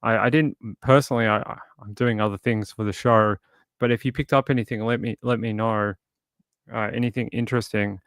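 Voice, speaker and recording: A man's voice: fairly low pitch, fairly quick, smooth, no room sound, studio quality. A man hosting a true crime livestream, chatting loosely and reading out viewer comments. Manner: rambling, repeats words, relaxed asides. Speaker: livestream host.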